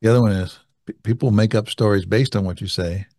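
A male interview guest speaking in a reflective way, slowing down to stress key points. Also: fairly low pitch, steady tone, mellow, dry recording, clean studio sound. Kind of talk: conversational interview.

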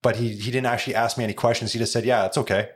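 A man's voice: medium pitch, flat delivery, rapid-fire, breathy edge. A man hosting a casual chat and asking about guests' business, telling his own anecdotes.

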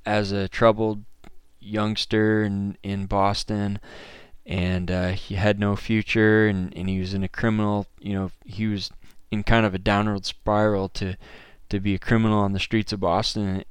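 A man's voice: on the low side, clear, resonant tone, no echo, studio quality. A man from Maine hosting a podcast, talking in a casual, enthusiastic, conversational monologue. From Maine, USA. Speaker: podcast host.

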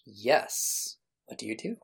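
Woman narrating as game master. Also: slow pace. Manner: descriptive, explanatory, leisurely.

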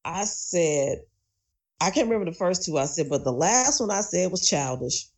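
Lively woman telling a story. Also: on the low side, normal speed. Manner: lively storyteller, acts out quoted voices. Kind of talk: casual chat.

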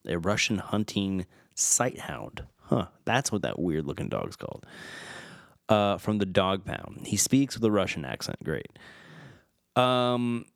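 A man's voice: low-pitched, big pitch swings, a little slow, gravelly, no room sound, studio quality. A man hosting a casual film retrospective, reading trivia aloud and stumbling over names. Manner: reads fun facts aloud, stumbles over names and chuckles. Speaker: podcast host.

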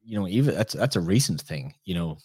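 Deep-voiced Irish man telling stories. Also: lively intonation, brisk, dark tone, breathy edge, dry recording, studio quality. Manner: rambling anecdotal storyteller. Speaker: podcast host. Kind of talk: casual conversational chat.

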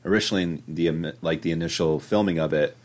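A man's voice: rumbling low, fast, darkish tone. A young man co-hosting a podcast in casual chat, rambling with many fillers and calling people dude. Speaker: podcast co-host.

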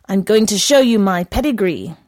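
A woman voicing an excitable, drunken male horse who speaks in broken English. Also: medium pitch, moderate pace, dry recording, studio quality, close to an everyday voice. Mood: excited.

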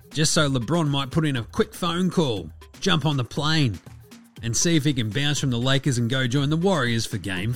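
With a mid-range, fairly bright voice, a sports podcast host goes off on a casual rant, blunt, opinionated, and swearing without restraint.

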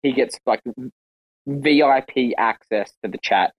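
A man hosting an online audio chat, lively and excitable as he hands the floor around. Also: mid-range voice, measured pace, narrow, tinny audio. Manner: lively, excitable, herding speakers. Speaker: host. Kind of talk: casual chat.

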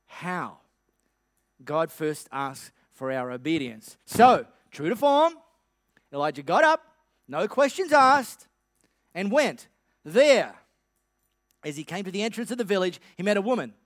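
A high-voiced man preaches with playful humor. His voice sounds close and dry, with no room around it. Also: a bit bright, no echo. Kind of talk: sermon.

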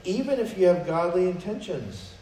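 A man's voice: high voice, very animated, normal speed, mellow. A man preaching a sermon in a conversational way, acting out quoted prayers and dialogue, recorded from a distance in a church. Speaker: pastor. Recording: roomy echo, mic from a distance, faint noise.

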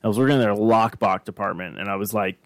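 A man's voice: fairly low pitch, fast, no room sound. Profane rambling man telling stories. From Arizona. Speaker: podcast co-host. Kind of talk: casual chat.

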